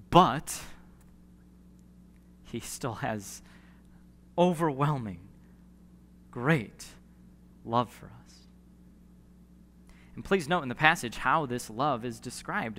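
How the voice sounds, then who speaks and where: A male pastor preaching a sermon earnestly, with emphatic pauses and repeated phrases. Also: mid-range voice, pushed and bright, a little hiss or hum. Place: church sanctuary. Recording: long church hall reverb.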